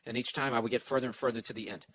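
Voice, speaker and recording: A man's voice: medium pitch, steady tone, racing, a bit bright. A middle-aged man hosting a podcast, giving blunt, profane comic advice in a self-deprecating rant.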